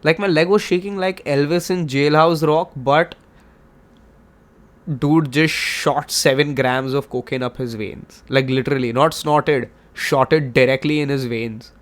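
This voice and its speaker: With a fairly high, fairly even voice and a slightly slow pace, a man in his twenties with an Indian accent runs his solo podcast. He rambles, jokes around and stays hyped throughout the casual chat.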